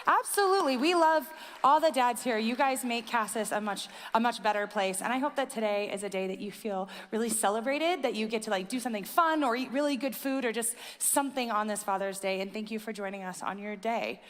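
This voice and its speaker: A young woman pastor preaching a conversational sermon, telling animated stories with casual fillers. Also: fairly high pitch, fairly quick. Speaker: student ministry and teaching pastor. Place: church auditorium. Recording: church hall with long reverb.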